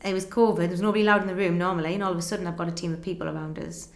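A woman's voice: lowish voice, fairly even intonation. Earnest woman telling her story. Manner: earnest and emotional, reenacting conversations in quick back-and-forth. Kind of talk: personal storytelling in an interview. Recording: roomy echo.

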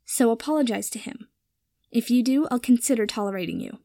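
A woman voicing a fierce, protective young woman who talks in a sharp, cutting way. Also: a little high, expressive, brisk, gravelly, dry recording, clean studio sound. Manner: cutting, forceful when angry.

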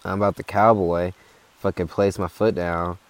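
A man's voice: low-pitched, level tone, moderate pace, no room sound. A young man telling a hiking story in a laid-back, rambling, profane way. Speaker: hiker. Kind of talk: casual storytelling.

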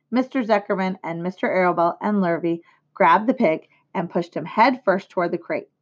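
A teacher reading a children's book aloud in clear, measured narration. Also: female voice, on the low side. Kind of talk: storybook read-aloud. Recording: dull lo-fi recording.

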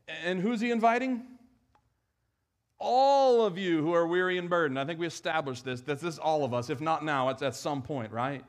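A man preaching a sermon in church, talking conversationally and swinging from emphatic, raised lines to quiet, hushed ones. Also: on the high side, a little fast. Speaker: pastor.

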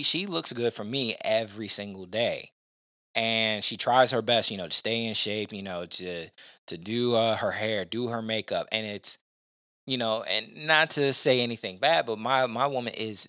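A man's voice: on the low side, sharp tone, dry recording, clean studio sound. A man hosting a casual podcast, giving blunt opinions in a rambling way with lots of fillers. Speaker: podcast host.

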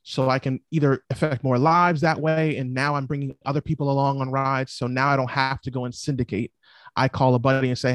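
A man speaking as a guest in a casual interview, explaining his investing plans in an animated, storytelling way. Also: medium pitch, a little fast, no room sound. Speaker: real estate investor guest.

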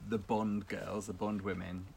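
A man's voice: lowish voice, level tone, measured pace, gravelly, darkish tone, slight background noise. A man co-hosting a casual community radio chat, reading out listener comments with lots of restarts. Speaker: co-host.

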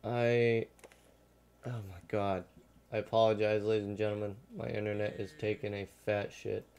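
A man's voice: on the low side, flat delivery, normal speed, a little mellow, clear, resonant tone. A young man hosting a podcast in casual chat, who swears a lot and gets frustrated easily. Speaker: podcast host.

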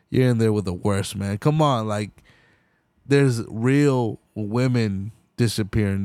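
A man's voice: fairly low pitch, mellow, dry recording. A man hosting a solo podcast, ranting in a heated, profane way and slipping into mocking voices. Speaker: podcast host.

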